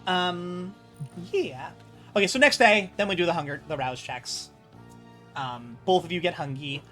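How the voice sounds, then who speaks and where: A man's voice: high-pitched, a little slow, fairly bright tone, faint music behind. A man running a tabletop role-playing game as game master, casual and rambling, swearing freely.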